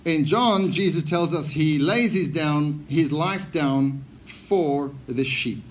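A man's voice: on the high side, a little hiss or hum. A man preaching a sermon, emphatic and often repeating key phrases for stress.

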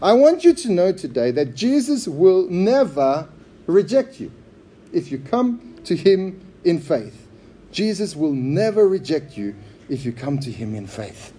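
A man preaching a sermon in a church, emphatic and repetitive, swinging between loud stresses and quiet drops. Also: high-pitched, sing-song, measured pace, slight background noise. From outsider to Zambia.

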